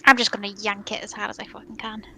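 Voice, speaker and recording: A woman's voice: medium pitch, flat delivery, fast, bright, forceful tone, a little hiss or hum. A woman playing in a tabletop game, brash and blunt, swearing freely. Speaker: player.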